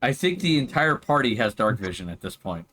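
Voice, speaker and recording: A man's voice: mid-range voice, big pitch swings, a little fast, bright, forceful tone, slight background noise. A man narrating as game master of a tabletop game in a casual, laid-back way.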